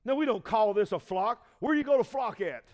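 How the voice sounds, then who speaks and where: High-voiced preaching pastor, booming and hushed. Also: male voice, expressive, a little fast. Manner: preaching with call-and-response, shouting peaks and dropping low. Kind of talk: sermon.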